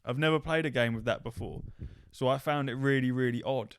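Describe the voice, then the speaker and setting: A man, co-hosting a casual podcast and telling gaming stories with lots of swearing and acted-out shouting. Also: medium pitch, brisk, clean tone. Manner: animated anecdote-telling, swears freely, acts out shouting. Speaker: podcast co-host. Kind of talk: casual chat, storytelling.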